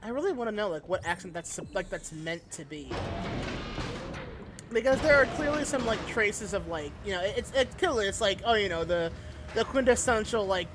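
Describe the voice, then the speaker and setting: A woman's voice: medium pitch, lively intonation, normal speed, background noise. A woman streaming a game live, chatting in a giggly, rambling way with lots of fillers. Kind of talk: live gameplay commentary.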